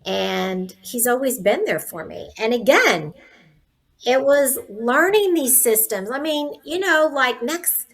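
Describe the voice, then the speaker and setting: A woman's voice: fairly high pitch, lively intonation, slow pace, fairly bright tone, poor audio. A woman in her sixties, a nurse turned entrepreneur, telling her story as an interview guest in an earnest, faith-filled, candid way. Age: 60s.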